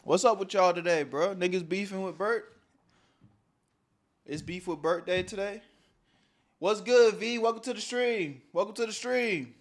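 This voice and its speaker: A young man hosting a casual livestream, bantering loosely with his chat and swinging between loud calls and mumbled asides. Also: high voice, a little slow, long pauses. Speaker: streamer.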